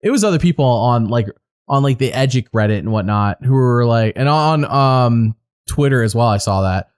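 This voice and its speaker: A man co-hosting a podcast, talking in a chatty, animated way. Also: medium pitch, moderate pace, clean tone. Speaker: podcast co-host. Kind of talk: casual podcast chat.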